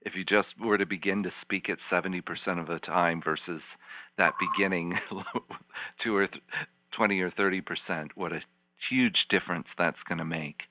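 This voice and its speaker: A man, a healing practitioner, leading a volunteer through slow guided imagery with soft, repetitive, soothing coaching. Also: low-pitched, dry recording. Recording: dull lo-fi teleconference line.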